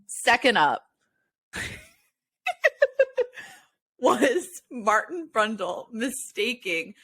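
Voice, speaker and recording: A woman co-hosting a casual sports podcast, animated and often breaking into laughter. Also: fairly high pitch, very slow, slightly rough. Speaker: podcast co-host. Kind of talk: casual chat.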